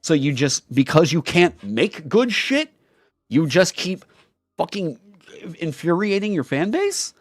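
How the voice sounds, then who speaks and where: A man's voice: fairly high pitch, very animated, measured pace, no room sound, studio quality. A man on his own channel delivering an angry commentary rant, heated, profane and emphatic. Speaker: YouTuber and streamer.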